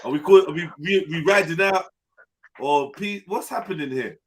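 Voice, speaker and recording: A man hosting a live panel stream, talking in an animated, incredulous, joking way full of slang. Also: on the high side, normal speed, slight background noise. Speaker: live panel show host. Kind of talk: casual live-stream chat.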